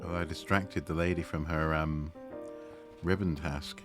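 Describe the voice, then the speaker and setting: A man casually commenting on his own gameplay as he streams, excitable and talking to the characters on screen. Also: rumbling low, measured pace, over music. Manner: excitable, talks to the game characters.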